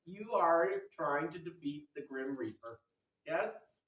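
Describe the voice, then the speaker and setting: A middle-aged man giving a lively medical lecture, teasing the audience and quizzing them. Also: on the high side, slow pace, highs cut off. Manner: energetic, teasing, asks the audience questions. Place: large lecture hall. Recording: echoey hall recorded from a distance.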